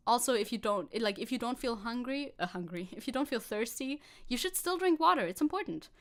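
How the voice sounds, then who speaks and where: Sarcastic woman streamer, fairly high voice. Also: animated, fast talker, hardly any pauses, fairly bright tone. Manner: sarcastic, laughs often, rambling with restarts. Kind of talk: casual commentary reading posts.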